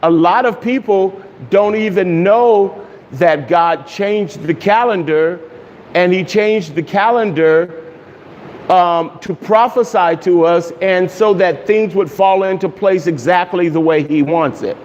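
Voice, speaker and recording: A man serving as pastor, leading a casual online Bible study and prayer, greeting viewers with loose pauses and fillers. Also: high-pitched, darkish tone. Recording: dull hall echo with faint hiss.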